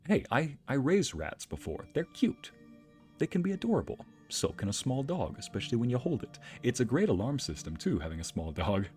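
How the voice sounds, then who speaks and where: A young adult man streaming, who tells anecdotes in a casual, animated way and laughs often. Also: medium pitch, brisk, faint music behind. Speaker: streamer and narrator. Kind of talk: casual storytelling chat.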